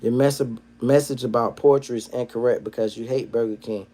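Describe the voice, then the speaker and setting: A man hosting a casual livestream, reading chat comments aloud. His talk is slangy and profane, and it swings from low mumbled asides to loud, heated rants. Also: fairly even intonation, brisk. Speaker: livestream host.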